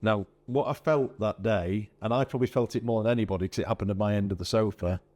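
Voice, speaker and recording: A man hosting a podcast, telling a story in a casual, animated way with quoted speech. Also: fairly low pitch, fast. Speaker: podcast host.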